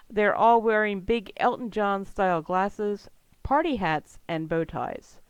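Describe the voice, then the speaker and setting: A woman running a tabletop game as game master, chatty and quick to laugh. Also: medium pitch, clean tone, rough recording.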